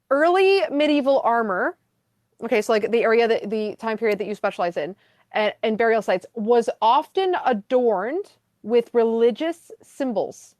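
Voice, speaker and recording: A woman's voice: fairly high pitch, no room sound, studio quality. A woman guest in a casual conversation, talking chattily with many fillers and questions. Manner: chatty, lots of "like" and "um".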